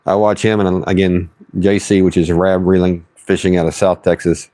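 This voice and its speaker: A man's voice: low voice, level tone, moderate pace, dark tone, no echo. A man live-streaming while he fishes, chatting folksy and casual and reading his chat aloud. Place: outdoors on the water.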